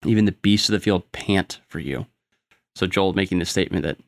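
Casting: deep, gravelly male voice, dry close sound, patient scripture teacher. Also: fairly quick, dry recording. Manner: steady teaching tone with filler ums. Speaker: Bible study co-host. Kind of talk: explaining scripture.

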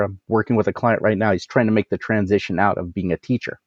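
Energetic male business coach, dry lo-fi sound. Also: on the low side, quick pace, few pauses, no room sound. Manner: energetic advice, laughs at himself, rhetorical questions. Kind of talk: casual business interview.

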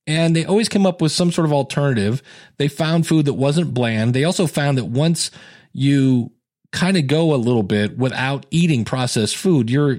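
A man chatting casually about a TV show, with animated asides and quick mock voices. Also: mid-range voice. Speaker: show reviewer. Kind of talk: casual chat.

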